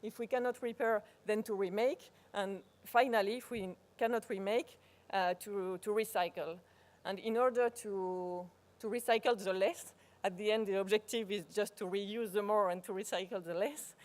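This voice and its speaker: French woman presenting at a workshop, halting, keeps restarting and hunting for words, mid pitch. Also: fairly even intonation, a little mellow. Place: conference workshop room.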